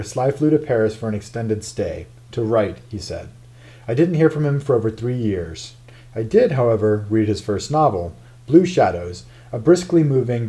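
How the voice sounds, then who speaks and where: A man's voice: mid-range voice, warm tone. A man narrating a first-person memoir in a wry, confiding storytelling manner. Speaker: audiobook narrator.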